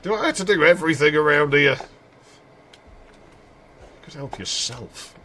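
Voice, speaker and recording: A man's voice: on the high side, lively intonation, a little slow, sharp tone, slight background noise. A man giving joking, rambling commentary while playing a game. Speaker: streamer. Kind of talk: casual gameplay commentary.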